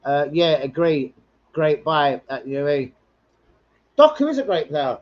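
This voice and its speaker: A man's voice: on the high side, big pitch swings, a little slow, lo-fi sound. Sweary man hosting a football stream. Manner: rambling, sweary, banter with viewers. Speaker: live stream host. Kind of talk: casual football live stream chat, reading comments.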